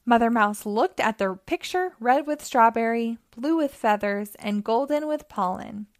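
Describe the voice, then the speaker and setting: A woman hosting storytime, reading a children's picture book aloud in a gentle, clear way. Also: fairly high pitch, expressive, measured pace, dry recording, studio quality. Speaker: storytime host.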